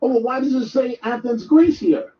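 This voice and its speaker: A man's voice: very high voice, moderate pace, a little hiss or hum. A male host of a live call-in show, speaking in an earnest, reflective way to his callers. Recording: roomy distant dull mic.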